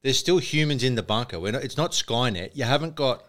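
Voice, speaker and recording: A man's voice: mid-range voice, lively intonation, brisk, a bit bright. A man with an Australian accent, co-hosting a casual podcast and retelling events with wry questions. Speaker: co-host.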